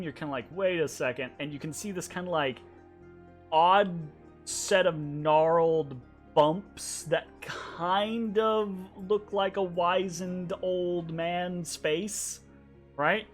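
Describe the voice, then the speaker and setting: A man narrating a tabletop game as game master, halting and full of ums and fillers. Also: high-pitched, fairly bright tone, faint music behind. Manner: halting, lots of ums and kinda-likes.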